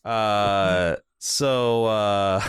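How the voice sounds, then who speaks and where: A man's voice: on the low side, drawn-out words, clear, resonant tone, no echo, studio quality. A man co-hosting a podcast, recapping a TV episode in a casual, sardonic and profane way. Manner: sardonic, profane, quotes the show in put-on voices. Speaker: podcast co-host.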